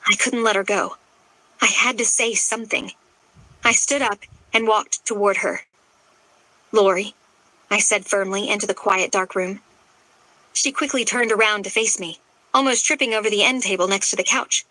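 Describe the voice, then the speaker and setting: Bright-voiced woman reading an audiobook. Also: mid-range voice, normal speed, no room sound, rough recording. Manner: emotional, dramatic storytelling. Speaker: audiobook narrator. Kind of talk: first-person scripted narration.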